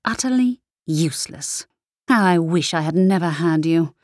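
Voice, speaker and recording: A woman voicing a cruel, bitter sorceress who treats her daughter with slow, cutting scorn. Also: lowish voice, lively intonation, darkish tone, no echo, clean studio sound. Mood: bitter, scornful.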